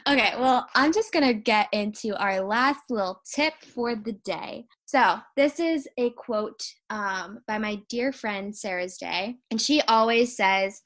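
A chatty young woman co-hosting a podcast, her voice sitting a little high. She talks in a loose, casual way, full of "like" and quick laughs. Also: lively intonation, a bit bright. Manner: chatty, laughs often, lots of fillers. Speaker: podcast co-host. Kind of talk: casual chat.

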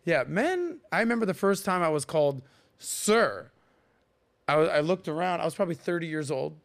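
Speaking at a moderate pace with a fairly high, gravelly voice, this forties-aged podcast host keeps things conversational. When he tells stories, he gets animated and slips into different accents and character voices.

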